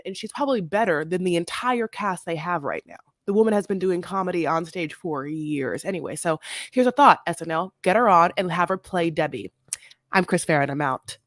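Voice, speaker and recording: A woman's voice: fairly low pitch, no room sound, clean studio sound. A woman co-hosting a casual recap podcast, talking in a sassy way, swearing freely and calling people honey. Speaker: podcast co-host. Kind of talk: casual reality-TV recap chat.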